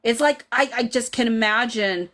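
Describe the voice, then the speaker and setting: A chatty woman in her thirties hosts a casual live stream and answers the chat as she goes. She talks in an animated way, padded with "like" and "you know," and slips into dramatic quotes from the scenes she is describing. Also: on the high side, moderate pace. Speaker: podcast host reading live chat.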